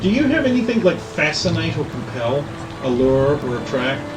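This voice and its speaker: A man's voice: fairly high pitch, very animated, moderate pace. A man narrating a tabletop game as game master, playful and theatrical. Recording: roomy, distant, music behind.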